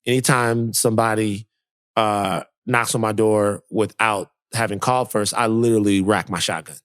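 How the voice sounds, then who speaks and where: A man's voice: fairly low pitch, steady tone, moderate pace, no echo, clean studio sound. A man co-hosting a podcast, telling a story in casual chat and acting out the quotes with animation. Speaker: podcast co-host.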